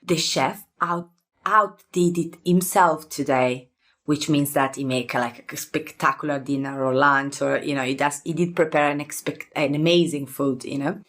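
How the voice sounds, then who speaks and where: A young woman with an Italian accent, a native Italian speaker, teaching vocabulary in a casual, friendly way and repeating words clearly. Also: sits low, steady tone, normal speed, fairly bright tone. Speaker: language teacher.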